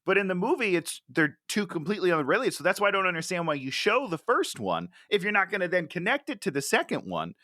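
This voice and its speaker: Bright, lively-voiced man ranting about a film. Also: high-pitched, fast talker, hardly any pauses, no room sound, clean studio sound. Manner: exasperated, laughs often while ranting. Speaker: podcast co-host. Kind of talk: casual movie-critique podcast chat.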